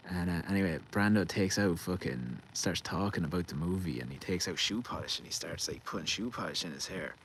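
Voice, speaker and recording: An Irish man with a very low voice rambles through a casual, sweary story in a garden. He laughs easily and trips over names as he goes. There is a faint outdoor hum behind him. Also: expressive, brisk, hardly any pauses, rough recording. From Ireland. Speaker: vlogger.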